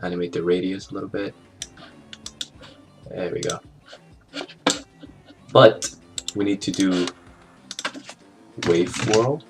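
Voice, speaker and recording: A man walking through an animation software tutorial in a casual, think-aloud way, with fillers and small jokes. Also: sits low, steady tone, slow, pauses often. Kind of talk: screen-recorded software tutorial narration. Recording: clear background music under the voice.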